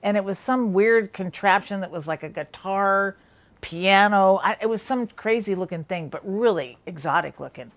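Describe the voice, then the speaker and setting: A woman's voice: mid-range voice, normal speed. A woman makeup artist casually telling an anecdote, acting out what people said. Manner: chatty storytelling, acting out quoted voices.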